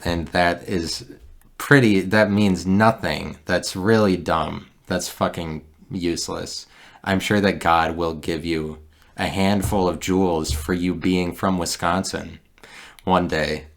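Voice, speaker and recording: A man's voice: deep voice, fairly even intonation, slow. A man holds forth alone into a handheld recorder. His talk wanders and turns sarcastic, and he keeps restarting his thoughts as he goes. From Midwestern United States. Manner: digressive, sarcastic, restarts often. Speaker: podcast host. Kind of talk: rambling solo podcast monologue.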